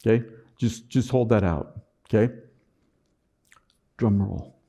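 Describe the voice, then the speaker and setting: With a lowish, gravelly, dark-toned voice, a man speaks slowly in a motivational talk from a conference stage. His sense of humor is sarcastic and dry, and he frequently repeats words as he starts sentences.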